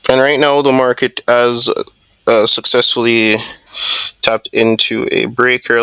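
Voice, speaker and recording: Gravelly-voiced man talking through a trade. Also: medium pitch, pushed and bright, dry recording. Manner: casual, thinking aloud with many fillers and restarts. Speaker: trading video host. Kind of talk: live screen-share trade commentary.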